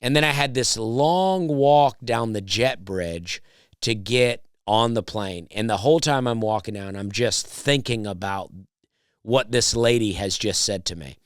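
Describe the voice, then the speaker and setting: Smooth baritone man telling a story. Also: measured pace, no echo, studio quality. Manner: chatty and rambling, with wry asides. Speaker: comedian and podcast host. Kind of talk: casual storytelling monologue.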